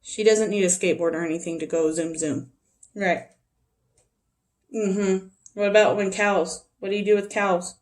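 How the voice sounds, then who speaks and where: A woman's voice: mid-range voice, fairly even intonation, normal speed, long pauses, a little mellow. A woman teacher chatting casually to her students in a video made at home, often turning aside to talk to her dogs. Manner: chatty, talks to her dogs between remarks.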